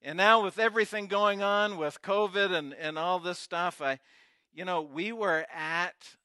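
A middle-aged male pastor giving an earnest, emotional sermon, often halting and restarting. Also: high-pitched, bright, forceful tone, no room sound.

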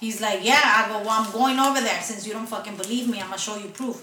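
Bright-voiced woman swearing through a story. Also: medium pitch, fast. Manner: swears constantly, acts out both sides of a phone call. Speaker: podcast co-host telling a story. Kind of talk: casual storytelling with profanity. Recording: echoey room, mic at a distance, faint noise.

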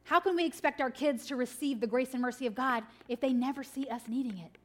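A woman, preaching a sermon to mothers, swinging from laughing, animated stories to quiet, earnest points. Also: high-pitched, quick pace.

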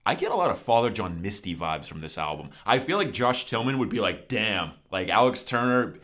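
A man's voice: lowish voice, big pitch swings, a little fast, a bit bright. A man co-hosting a music podcast in casual chat, enthusiastic and agreeable, often chiming in with short affirmations. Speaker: podcast co-host.

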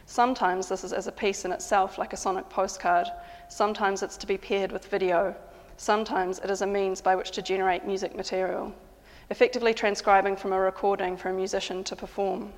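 A woman composer calmly describing how she works, in measured, reflective narration. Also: mid-range voice, in a large hall.

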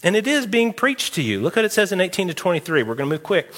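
A man preaching a sermon as pastor, emphatic and animated, with sudden loud outbursts. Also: sits high, fast talker. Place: church sanctuary. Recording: long hall reverb.

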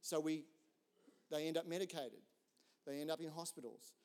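Man, pastor, conversational sermon, relaxed chatty storytelling, slightly raised pitch. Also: normal speed. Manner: relaxed, chatty, jokes with the audience.

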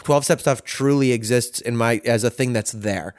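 A man's voice: medium pitch, moderate pace, dry recording, studio quality. Rambling, profane male podcast host. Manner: rambling, profane, self-reflective. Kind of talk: candid conversational chat.

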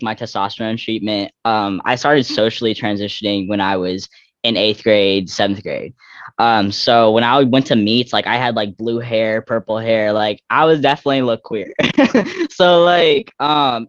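A young man from Texas, a guest athlete, chats casually in an interview, rambling with many fillers and restarts. His voice is mid-range, and the recording is dull, lo-fi, and dry with no room sound.

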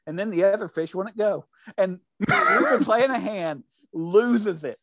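A man's voice: sits high, a little slow, a bit bright, dry recording, faint music behind. A man hosting a show in casual chat, retelling anecdotes in a rambling way with lots of restarts.

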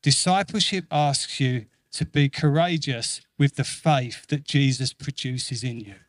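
A man's voice: mid-range voice, measured pace, no room sound. Earnest male preacher, dry close sound. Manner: earnest, repeats phrases for emphasis; acts out quoted voices with lively shifts. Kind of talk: sermon.

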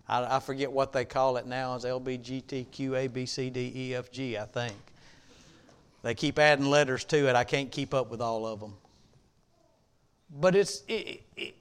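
A middle-aged man preaching a sermon in a church, repeating a question like a refrain and building from quiet reflection to impassioned shouting. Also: mid-range voice, moderate pace, clear, resonant tone. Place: church sanctuary.

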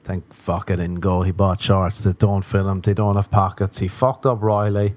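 A man's voice: sits low, little pitch movement, normal speed, darkish tone. A young Irish man hosting a casual solo podcast, rambling and wry with plenty of swearing, talking from home. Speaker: podcast host.

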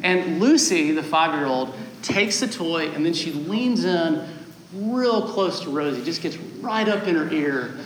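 Animated preacher man in an echoey room. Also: a little high, moderate pace, slight background noise. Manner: animated storytelling with self-deprecating humor. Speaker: guest pastor. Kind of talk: sermon.

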